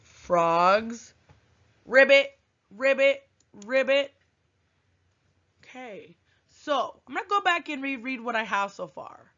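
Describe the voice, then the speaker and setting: Bright, sing-song woman teaching little kids. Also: a little high, very animated. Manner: thinks aloud with slow, drawn-out hums; gentle, encouraging, sing-song classroom delivery. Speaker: first grade teacher. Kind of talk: remote writing lesson for young children. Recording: dull lo-fi recording.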